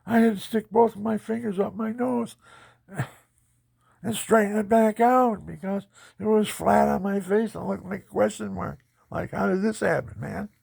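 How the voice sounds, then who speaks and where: A man telling his life story in a personal testimony, animated and boastful, laughing often. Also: high voice, normal speed, creaky, slightly rough, no room sound, clean studio sound.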